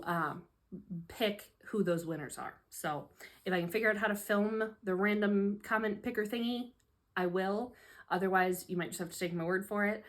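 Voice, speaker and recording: A woman, hosting a casual home hobby vlog, chatty, sarcastic and self-deprecating, often laughing, recorded on a phone at home. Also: medium pitch. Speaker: hobby vlogger. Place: home room, seated at a tray table. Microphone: phone camera.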